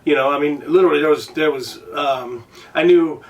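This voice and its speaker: A man's voice: fairly high pitch, brisk, far from the mic. A man from Illinois hosting a casual interview, talking in a rambling way with restarts and swearing. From Illinois, United States. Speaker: podcast host. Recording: voice a bit off-mic.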